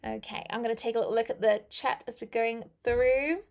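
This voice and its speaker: A woman's voice: a little high, fairly even intonation, brisk, creaky, a little mellow. A young British woman from England, chatting casually as she teaches a live English class and reads viewer comments aloud.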